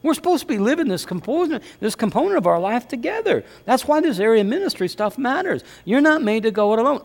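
Male pastor, high lively voice, casual preaching style, church hall reverb. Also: fast talker, few pauses. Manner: animated, conversational preaching with rhetorical questions. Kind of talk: sermon. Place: church sanctuary.

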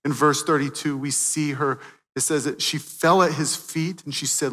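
A man preaching a sermon, swinging from loud, emphatic peaks to quiet, hushed moments. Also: fairly high pitch, fairly even intonation, moderate pace, big-room sound. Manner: dynamic preaching, swelling loud then dropping soft.

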